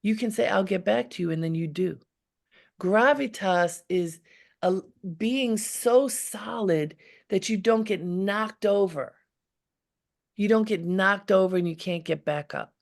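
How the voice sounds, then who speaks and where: A woman leadership coach giving measured, emphatic advice in a live webinar, speaking from deep in her chest. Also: gravelly. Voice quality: grounded low voice. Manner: measured, emphatic, repeats key phrases.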